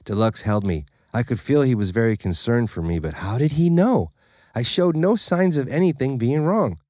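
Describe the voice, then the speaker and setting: A man's voice: mid-range voice, animated, normal speed, darkish tone, dry recording, studio quality. A man narrating a story in the first person, in a plain, matter-of-fact way. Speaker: audiobook narrator.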